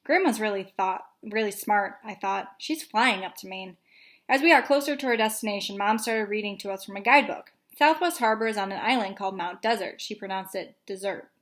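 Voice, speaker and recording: A woman's voice: mid-range voice, a little fast, fairly bright tone. A young adult woman teacher reading a chapter book aloud to young children in a casual, easygoing way. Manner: casual, with fillers.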